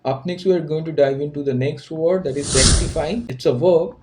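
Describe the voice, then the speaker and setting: A man's voice: on the high side, fairly quick, a little mellow, poor audio. A man teaching an English vocabulary lesson, patiently repeating and restating each word's meaning.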